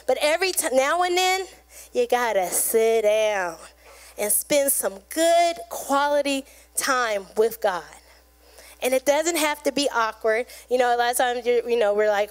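A woman's voice: high voice, normal speed. A woman pastor giving a conversational, earnest sermon in a church, acting out little prayers and everyday chats. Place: church sanctuary.

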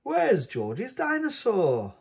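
A man reading a storybook aloud and voicing a curious little girl piglet who sighs through drawn-out questions. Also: medium pitch, wildly swooping pitch, a little mellow, husky, heavily acted.

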